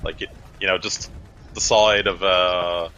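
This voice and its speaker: A man's voice: deep voice, steady tone, unhurried, pushed and bright, dull audio, a little hiss or hum. A man narrating as game master of a tabletop game, describing the action in loose, filler-heavy talk.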